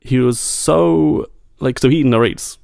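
Gravelly, exasperated podcast co-host. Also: male voice, medium pitch, takes it slowly, no echo, studio quality. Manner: exasperated, animated complaining with laughs. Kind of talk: casual chat.

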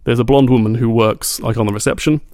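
A man co-hosting a podcast about books, complaining in casual chat with an exasperated, animated manner. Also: mid-range voice, fast talker, no room sound, studio quality. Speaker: book podcast co-host.

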